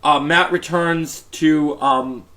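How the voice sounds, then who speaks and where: A man's voice: fairly high pitch, steady tone, slow, bright, forceful tone. A man giving a casual, enthusiastic and rambling review of a TV episode. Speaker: TV show reviewer.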